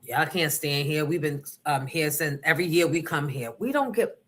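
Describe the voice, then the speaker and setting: A middle-aged woman hosting a livestream, chatting casually and telling stories in an animated, profane way, acting out the other people in them. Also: deep voice, normal speed. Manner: animated, profane, acts out voices in her story. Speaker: livestream host. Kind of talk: casual chat, storytelling.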